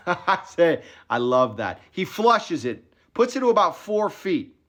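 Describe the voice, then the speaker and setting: A man who works as a golf caddie, telling a funny story in an animated, boastful way and laughing between lines. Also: high voice, takes it slowly. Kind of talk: comedic storytelling.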